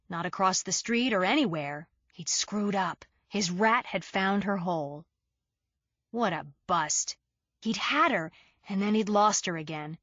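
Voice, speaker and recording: A woman reads a suspense audiobook with tense, dramatic delivery. Her pitch is middling for a woman. The sound is dry and somewhat dull, like a muffled studio booth. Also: dry recording. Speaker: audiobook narrator. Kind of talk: scripted thriller narration.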